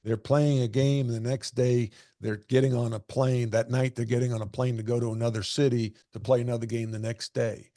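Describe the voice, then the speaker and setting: A man's voice: medium pitch, flat delivery, a little fast, hardly any pauses, mellow, dry recording, studio quality. A man in his sixties, a former basketball coach, answering interview questions with earnest anecdotes and repeating phrases for emphasis. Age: 60s.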